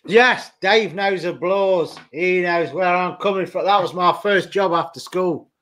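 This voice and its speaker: Chatty high-voiced man. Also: measured pace, a bit bright. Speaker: host. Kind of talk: casual group video call chat.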